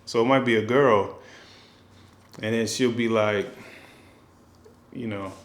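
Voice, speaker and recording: A man's voice: on the low side, steady tone, slow. Rambling man in an echoey room. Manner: rambling, with many fillers and restarts. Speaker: film director. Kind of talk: casual thinking-aloud monologue.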